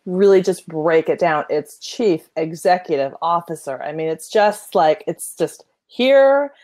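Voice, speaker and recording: A woman's voice: on the low side, animated, unhurried, darkish tone. Woman host, live show, enthusiastic, affirming, video call. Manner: enthusiastic, greets viewers, affirming.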